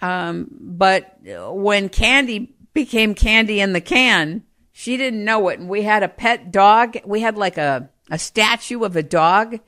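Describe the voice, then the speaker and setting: A middle-aged woman telling personal stories, growing more animated as she goes. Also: medium pitch, measured pace. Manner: animated, grows livelier and louder as she tells anecdotes. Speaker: storyteller. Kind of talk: personal storytelling.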